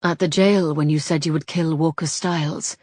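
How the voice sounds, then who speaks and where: A woman voicing a proper young lady in an audiobook, speaking crisply and in a businesslike way. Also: low voice, fairly even intonation, normal speed, darkish tone, no echo, clean studio sound. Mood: brisk. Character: brisk, proper young lady, sharp-tongued. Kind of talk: audiobook character voice.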